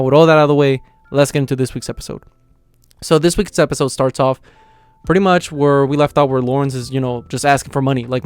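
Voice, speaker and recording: A man's voice: medium pitch, clear, resonant tone. A young man hosting his own channel, casually recapping and reviewing an episode, rambling with lots of filler words and frequent chuckles. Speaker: anime reaction channel host.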